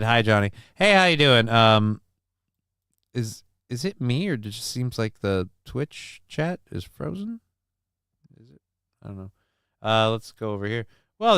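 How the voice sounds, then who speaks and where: A man's voice: fairly low pitch, fairly bright tone, smooth, no echo, studio quality. A man hosting a casual livestream, reading the chat aloud, joking, loose and profane, with lots of ums and uhs. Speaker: livestream show host.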